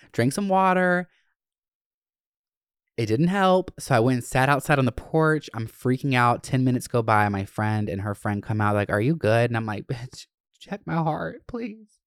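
A young man casually telling a profane, animated personal story. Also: mid-range voice, clear, resonant tone, no room sound, clean studio sound. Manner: profane, animated, acts out quoted voices.

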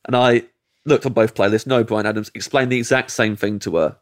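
An English comedian telling a long anecdote as a podcast guest, acting out the people in it and laughing mid-sentence. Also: male voice, on the low side, fairly quick. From England. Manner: animated, acts out quoted voices, laughs mid-sentence. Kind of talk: storytelling anecdote.

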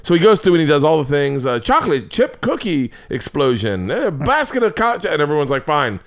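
Guy telling a wild story on his podcast, voice jumping all over, swears a lot, kinda high. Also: sing-song, a little fast. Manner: acts out every character in the story, swears freely. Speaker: podcast host. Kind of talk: animated storytelling.

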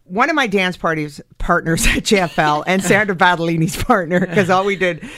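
A woman's voice: fairly low pitch, a little fast, a bit bright, a little hiss or hum. A woman hosting a radio talk show in a studio, chatting casually and telling self-deprecating stories with lots of fillers. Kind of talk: casual chat. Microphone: studio microphone.

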